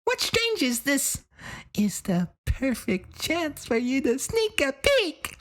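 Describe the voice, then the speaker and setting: Man doing a high brash teen boy. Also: huge pitch swings, a little slow, sharp tone, exaggerated voice. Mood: scheming. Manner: pushy, conspiratorial.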